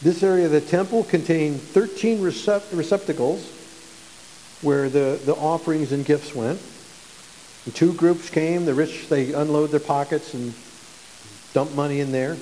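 A man's voice: on the high side, steady tone, measured pace, warm tone, big-room sound, slight background noise, rough recording. A male pastor preaching a sermon in a conversational way, often repeating and restarting words.

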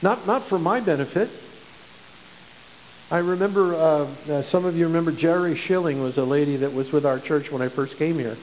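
A man's voice: fairly high pitch, moderate pace, darkish tone, in a large hall, slight background noise, low-quality recording. A male pastor preaching a sermon in a conversational way, often repeating and restarting words.

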